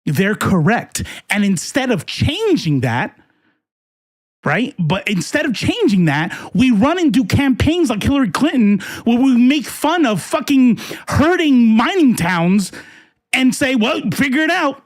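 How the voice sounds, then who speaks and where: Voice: medium pitch, big pitch swings, unhurried, no echo, clean studio sound. A political commentary host ranting to a live chat in a profane, combative way.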